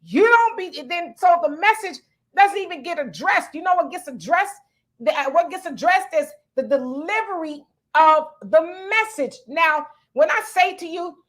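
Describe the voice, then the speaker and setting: Female talk host, very high voice, emphatic lecturing delivery. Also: animated, moderate pace, a bit bright. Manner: emphatic, lecturing, explains step by step. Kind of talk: opinion talk show commentary.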